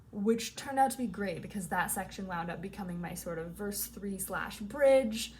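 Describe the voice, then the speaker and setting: A woman's voice: medium pitch, a little hiss or hum. A woman songwriter casually explaining her song to viewers. She is upbeat and hums rhythms aloud as she talks.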